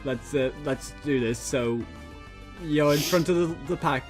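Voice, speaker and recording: A man's voice: a little high, measured pace, faint music behind. A man running a tabletop game as game master, rambling and laughing as he narrates. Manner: giggly, rambling, many restarts.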